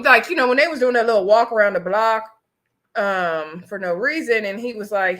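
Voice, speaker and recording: Bright-voiced chatty woman recapping TV. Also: mid-range voice. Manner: chatty, sassy, addresses viewers as y'all. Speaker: host reviewing a reality show. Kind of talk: casual live recap chat.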